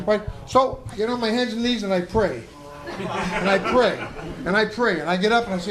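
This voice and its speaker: A man's voice: high voice, moderate pace, roomy sound. A middle-aged man, a podcast guest and former boxer, telling profane stories live on a club stage and acting out the people in them. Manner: profane, animated, acts out the people in his stories. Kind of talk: live storytelling. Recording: noisy live club recording.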